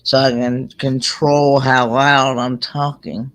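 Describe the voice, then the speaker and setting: A man's voice: mid-range voice, level tone, slow pace, fairly bright tone. A man hosting a casual live-stream chat on a headset, often stumbling and restarting his sentences. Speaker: host.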